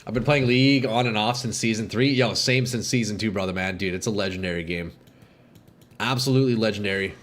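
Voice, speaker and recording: A man streaming a game live, chatting casually with viewers, excitable and swearing, sniffling from a runny nose. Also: fairly low pitch, brisk, slight background noise. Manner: excitable, swears, calls chat "bro" and "dude". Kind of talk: casual live gameplay chat.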